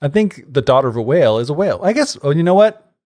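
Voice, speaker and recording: A man's voice: a little high, sing-song, fast talker, a little mellow. A man co-hosting a podcast, retelling a fairy tale in a rambling, casual way full of "like" and side remarks. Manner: rambling, many likes and asides. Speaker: podcast co-host. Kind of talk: casual storytelling chat.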